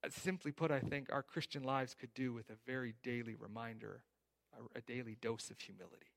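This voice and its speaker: A man preaching a sermon in a conversational way, often asking "right?", rising loud on key points and dropping soft at the ends of lines. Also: medium pitch, fairly even intonation, fairly quick, gravelly. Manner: conversational preaching with frequent "right?" and rhetorical questions; rises loud on emphasis, drops soft at line ends. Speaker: pastor.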